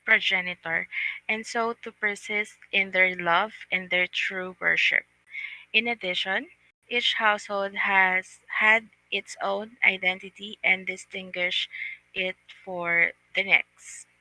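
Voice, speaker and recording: A woman reading a text aloud on an online voice call, slow and halting, stopping to sound out hard words. Her voice is very bright and clear. The sound is dry, with no room around it. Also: mid-range voice, steady tone, no room sound, poor audio. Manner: halting, careful reading with pauses. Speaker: book club reader.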